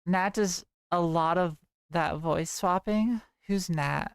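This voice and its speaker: A woman's voice: lowish voice, slow, clean tone, no room sound, clean studio sound. A young woman streamer chatting casually and rambling as she reads her chat aloud.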